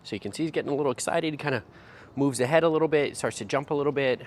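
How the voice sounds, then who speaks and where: Outdoors, a male dog trainer talks through each step as he drills a puppy, now and then rising into high, sing-song praise. He speaks very fast, and there's a faint hiss or hum.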